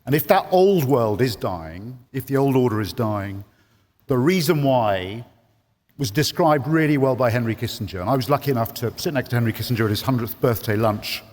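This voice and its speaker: A man's voice: mid-range voice, animated, brisk, a little mellow. A man moderating a conference panel, talking hesitantly with many ums and restarts. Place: large conference hall. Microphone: handheld microphone. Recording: long hall reverb.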